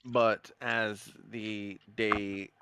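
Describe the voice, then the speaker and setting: A man's voice: on the low side, little pitch movement, drawn-out words, background noise. A man narrating a tabletop game as game master, casual and swearing freely.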